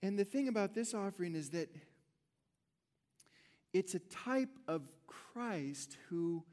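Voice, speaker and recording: A man's voice: fairly high pitch, darkish tone. A middle-aged man preaching a sermon, telling a personal story in a rambling, conversational way with many restarts. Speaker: pastor.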